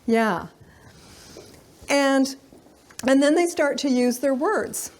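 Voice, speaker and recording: A middle-aged woman gives a parenting seminar in a slightly high voice. She talks to her audience in a loose, conversational way, full of "um" and "you know". Now and then she briefly slips into the voice of a child or parent to make a point. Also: expressive, slow pace. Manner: conversational, frequent fillers, acts out children's lines. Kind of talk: live lecture to parents.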